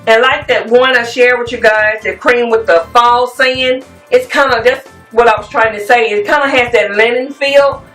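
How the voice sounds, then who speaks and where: A woman's voice: fairly high pitch, fairly even intonation, moderate pace, hardly any pauses. A woman, chatting casually and rambling a little as she shows home decor finds to her viewers. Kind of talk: casual show-and-tell chat. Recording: echoey room, mic at a distance, soft music.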